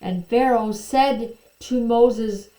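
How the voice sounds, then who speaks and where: A woman teacher telling a Bible story to children in a slow, gentle way, pointing out the pictures as she goes. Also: fairly high pitch. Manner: slow, gentle storytelling, quoting figures with a bit more lift. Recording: echoey room.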